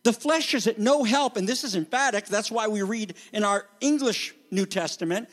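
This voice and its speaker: High-voiced pastor preaching in an echoing hall. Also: male voice, normal speed, few pauses. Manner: animated, acts out quoted voices, restarts. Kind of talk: sermon.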